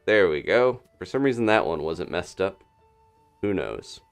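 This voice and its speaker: Man, low voice, lively swings in pitch, chatty live-stream game commentary, faint music behind. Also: creaky, clean tone. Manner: chatty, thinking aloud, quick little laughs. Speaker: gaming streamer.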